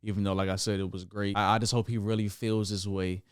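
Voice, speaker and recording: Man, album reaction vlog, low pitch, dry room, repeats words, excitable outbursts. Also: fast, clean tone, no room sound. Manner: stammering restarts with sudden excited outbursts. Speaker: music reaction reviewer. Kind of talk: casual album reaction commentary.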